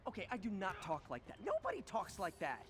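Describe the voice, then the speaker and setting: An actor playing a young masked superhero who talks in dry, level-headed quips, from a video game. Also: male voice, high-pitched, huge pitch swings, brisk. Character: young male masked superhero, wry and steady. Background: game music.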